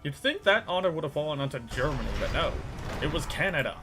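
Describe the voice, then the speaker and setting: A man's voice: on the high side, big pitch swings, fast, music in the background. A man chatting casually while gaming, with a wry, conversational delivery. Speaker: co-player.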